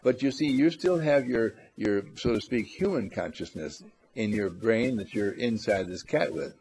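A man's voice: on the low side, lively intonation, normal speed, a little mellow, slight background noise. A man giving an inspirational talk, playful, acting out little scenes and repeating phrases for emphasis. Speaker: motivational speaker.

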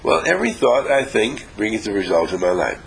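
A man's voice: fairly low pitch, big pitch swings, fairly quick, creaky, a little hiss or hum, poor audio. A man giving a motivational talk to a small group, emphatic and repetitive, often chuckling. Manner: acts out quoted voices, chuckles often. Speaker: inspirational speaker.

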